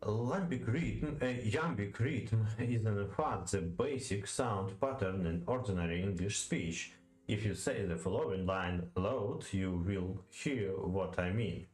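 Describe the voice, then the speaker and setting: A man with a Russian accent reads poetry lesson notes aloud and thinks aloud, halting often with fillers and repeating words to practice saying them. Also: fairly low pitch, a little mellow, echoey room. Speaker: language learner studying poetry. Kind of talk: reading aloud and thinking aloud while studying.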